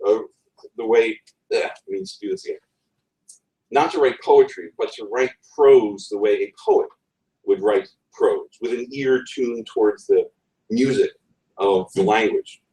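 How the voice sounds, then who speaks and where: A man with a lowish, dark voice speaks at a measured pace, giving a conference talk on writing full of wry asides and a chuckle in his delivery. The recording is roomy, picked up from far off the mic in a conference room.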